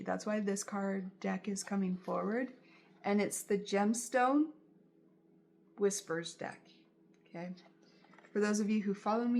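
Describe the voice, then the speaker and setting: A woman's voice: medium pitch, creaky, darkish tone, a little hiss or hum. A woman gives a tarot reading directly to her viewers in a soothing, reassuring voice. She takes her time over every phrase and often repeats herself as she goes. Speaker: tarot reader.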